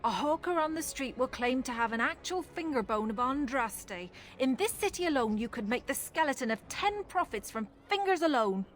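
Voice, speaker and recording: A woman voicing a pious, thoughtful chantry relic curator in a fantasy video game, speaking in an earnest, measured way with an Irish accent. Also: high voice, expressive, faint music behind.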